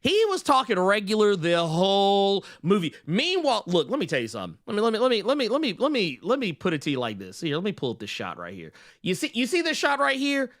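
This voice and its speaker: A man's voice: high-pitched, huge pitch swings, fast talker, few pauses, a bit bright, dry recording, studio quality. A man co-hosting a podcast, ranting in casual comedic chat, repeating himself and putting on mocking voices. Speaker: podcast co-host.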